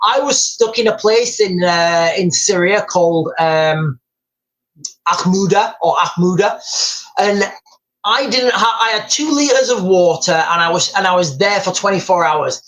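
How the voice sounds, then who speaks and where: A man's voice: sits high, expressive, measured pace, a bit bright, poor audio. A middle-aged man hosting a casual live stream, telling rambling stories and calling his viewers guys, with many restarts.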